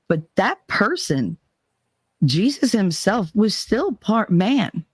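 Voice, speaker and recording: Animated man on a dry mic. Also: high-pitched, a little slow, dry recording. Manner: animated, acts out quoted voices. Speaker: guest. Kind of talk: casual chat.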